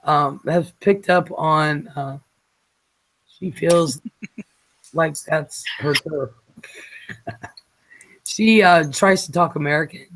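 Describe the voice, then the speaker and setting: A man hosting a late-night casual chat show, rambling and halting with fillers as he talks. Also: on the high side, fairly bright tone. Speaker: show host.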